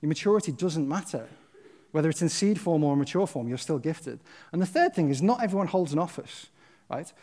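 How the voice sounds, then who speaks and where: A man's voice: a little high, lively intonation, brisk, a little mellow. A man preaching a sermon, earnest and conversational, often checking in with his listeners. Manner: emphatic, impassioned.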